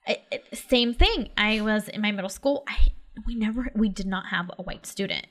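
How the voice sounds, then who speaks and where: A young woman from the Los Angeles area, California, co-hosts a podcast in a casual, chatty way, her speech full of "like" and "um." Her voice is medium-pitched and fairly bright, and she talks at a moderate pace.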